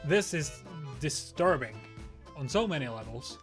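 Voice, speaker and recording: Young male YouTuber, high bright voice, wry story narration over faint music. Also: lively intonation. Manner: wry, quick reactions and laughs. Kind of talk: story reading and commentary.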